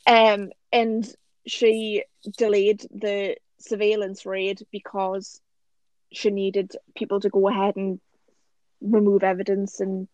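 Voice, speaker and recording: A woman's voice: medium pitch, level tone, slow, a little mellow, dry recording. A woman, co-hosting a podcast and chatting casually, retelling a story with eager restarts. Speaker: podcast co-host. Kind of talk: casual chat.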